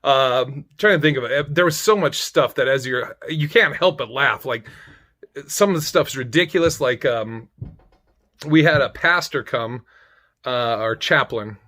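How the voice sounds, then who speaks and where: A man casually telling a darkly funny personal story, wry and profane, breaking into loud mock outrage. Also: mid-range voice, a little slow.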